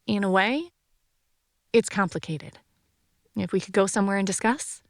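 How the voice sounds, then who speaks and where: A woman narrator voicing a nervous but determined young woman who speaks quietly and carefully. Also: mid-range voice, moderate pace, no room sound, studio quality, close to an everyday voice.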